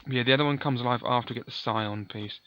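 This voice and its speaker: A man's voice: medium pitch, steady tone, quick pace, dull audio, a little hiss or hum. A man giving chatty, offhand let's play commentary, often correcting himself. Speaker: gaming commentator.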